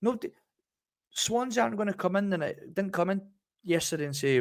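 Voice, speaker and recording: A man's voice: sits high, animated, a little fast, dry recording. A man co-hosting a casual football podcast, acting out haggling exchanges as he tells stories. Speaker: podcast co-host.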